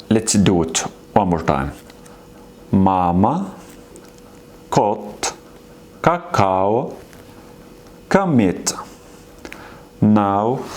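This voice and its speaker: Slow, patient male language teacher. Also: lowish voice, darkish tone, slight background noise. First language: Arabic. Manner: patient, repeats words slowly and encouragingly. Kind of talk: slow beginner language lesson.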